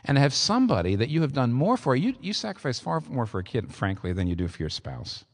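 A man preaching a sermon with animated delivery, his voice leaping upward for emphasis. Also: fast talker, long reverb tail. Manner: animated preaching, pitch rising sharply for emphasis. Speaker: pastor.

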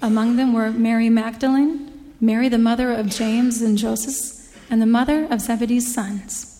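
A woman with a somewhat high voice reads scripture aloud in a steady, measured delivery. Her voice rings with the long reverb of a church sanctuary. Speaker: scripture reader. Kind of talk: scripture reading.

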